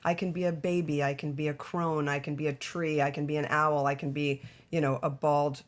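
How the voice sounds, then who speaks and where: Chatty actress telling career stories. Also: female voice, low voice, little pitch movement, fairly quick. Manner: chatty, many restarts and trailing asides. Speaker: actress and guest. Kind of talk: casual interview storytelling.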